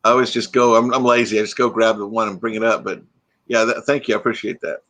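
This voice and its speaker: A man's voice: lowish voice, flat delivery, quick pace, fairly bright tone. A man hosting a casual live stream, chatting loosely and answering viewer comments while still a bit groggy from waking up. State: groggy, freshly woken.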